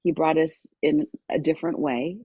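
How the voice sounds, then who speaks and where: A middle-aged woman guest on a podcast, telling a personal story with lively energy and acting out the voices of people in it. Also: sits low, moderate pace, husky, no room sound, lo-fi sound. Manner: lively storyteller who acts out quoted voices.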